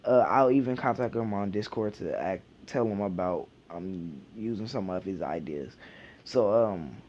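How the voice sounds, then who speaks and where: A man's voice: on the low side, a little slow, darkish tone, slight background noise. A man casually retelling a fan fiction idea, rambling with many fillers and restarts. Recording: dull lo-fi home recording.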